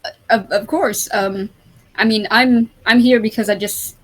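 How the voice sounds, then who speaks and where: A woman's voice: medium pitch, steady tone, unhurried, natural voice, poor audio. Woman playing a skinny nervous young cleric: stammering, apologetic, a bit scatterbrained. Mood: flustered. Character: skinny jittery young male priest, flustered and forgetful.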